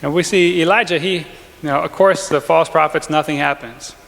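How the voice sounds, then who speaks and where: A male pastor giving a lively, conversational sermon with quick asides and chuckles, in a church. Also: a little high, gravelly. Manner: energetic, conversational preaching with frequent asides and laughs. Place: large church. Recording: long hall reverb in church.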